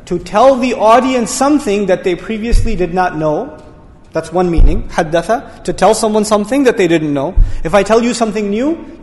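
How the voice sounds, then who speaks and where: A man giving a Quran tafsir lesson, explaining quickly and with animation and breaking into Arabic recitation. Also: high voice, darkish tone, reverberant, long reverb tail. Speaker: Quran teacher. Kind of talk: tafsir lecture.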